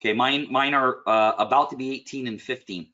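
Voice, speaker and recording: A man coaching a client one-on-one in a casual, blunt and animated way, often clearing his throat. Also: mid-range voice, a little fast, dull audio. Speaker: business coach.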